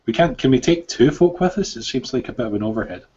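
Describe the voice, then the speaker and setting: A man's voice: mid-range voice, expressive, quick pace, warm tone, husky. A man playing a tabletop game, chatty and joking as he thinks aloud, in a dull lo-fi recording. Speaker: player. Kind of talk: casual tabletop game chat.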